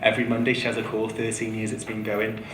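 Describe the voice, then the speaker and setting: A man's voice: completely flat delivery, fast, fairly bright tone. A man introducing a speaker on stage, hesitant and full of ums. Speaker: event host introducing the speaker. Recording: echoey hall with low rumble.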